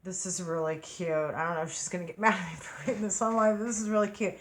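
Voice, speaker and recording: A woman's voice: on the low side, flat delivery, fast talker, hardly any pauses, echoey room. A middle-aged woman hosting a casual craft unboxing vlog at home, chatty and gushing with affection. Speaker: craft channel host. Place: at home by her craft desk.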